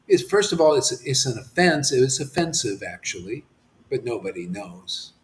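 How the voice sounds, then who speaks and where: A man giving an impassioned devotional sermon as a spiritual teacher. He swings between fervent near-shouts and hushed murmurs, and he talks emphatically and repeats himself, dropping in a slangy "man". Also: medium pitch, expressive, normal speed, roomy sound, rough recording.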